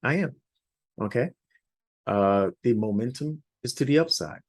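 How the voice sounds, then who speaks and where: A hoarse man presenting a weekly forex outlook over charts, rambling a little and often checking in with "all right?". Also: medium pitch, lively intonation, unhurried. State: hoarse, losing his voice. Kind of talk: unscripted chart walkthrough.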